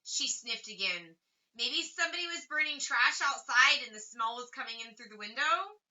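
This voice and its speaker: A woman reading a children's chapter book aloud with expressive, varied emphasis. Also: fairly high pitch, moderate pace. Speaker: reader. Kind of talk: storybook read-aloud. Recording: slightly distant dull lo-fi recording.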